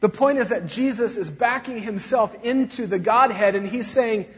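A man preaching a sermon as a pastor, swinging from soft sorrow to loud fervor. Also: high voice, moderate pace, slightly rough. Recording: dull recording in a long-echo hall.

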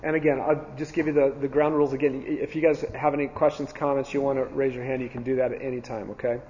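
A man's voice: medium pitch, little pitch movement, quick pace, a little mellow, slight background noise. A man teaching a Bible class in a church setting, earnest, repeating key phrases with frequent ums and restarts. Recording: dull sound with long reverb in a hall.

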